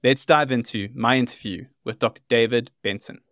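Male host reading a scripted intro, mid pitch, dry close mic. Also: moderate pace, no room sound. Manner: steady read-out delivery. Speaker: podcast host.

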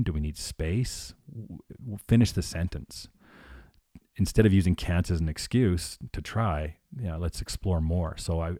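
Coach, 40s, male, very deep and warm, earnest and reflective, dry mic. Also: no room sound. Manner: reflective, earnest, repeats himself. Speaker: interview guest. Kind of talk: conversational interview.

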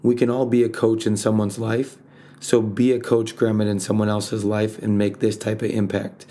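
A man hosting a podcast, introducing a clip in an earnest, steady way. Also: fairly low pitch, moderate pace. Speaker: podcast host. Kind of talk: scripted introduction.

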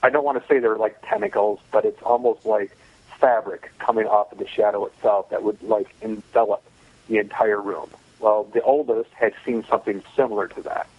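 A man's voice: on the low side, steady tone, normal speed, slightly rough, lo-fi sound. A man telling a personal story in a casual, matter-of-fact way, with many "you know" fillers.

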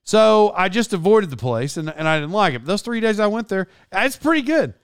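Oklahoma guy, slight twang, chatty podcast storyteller, gravelly but clean tone, dry close mic. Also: high-pitched, big pitch swings, brisk, dry recording. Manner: rambling, self-correcting, laughs often. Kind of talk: casual storytelling chat.

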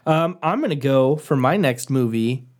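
A man's voice: medium pitch, expressive, normal speed, darkish tone. Easygoing man in casual podcast chat. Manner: easygoing, joking, rambling. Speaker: podcast co-host. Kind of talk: casual chat about movies.

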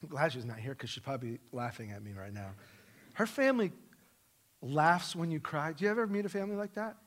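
A middle-aged man preaching a sermon in a church, emphatic and self-deprecating, swinging from loud stresses to soft asides. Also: fairly high pitch, a little fast. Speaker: pastor. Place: church sanctuary.

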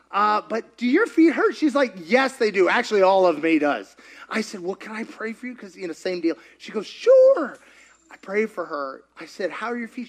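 A man preaching a sermon, telling a story in an animated, chatty way and laughing often. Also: high-pitched. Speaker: pastor.

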